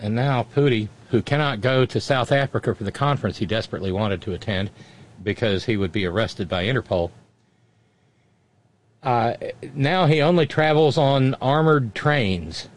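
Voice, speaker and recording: A man with a mid-pitched, ordinary voice reads news items as a show host. He keeps stopping to poke fun at them with wry, mocking asides. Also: lively intonation. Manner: wry, mocking, quick interjections. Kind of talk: reading news with sarcastic asides.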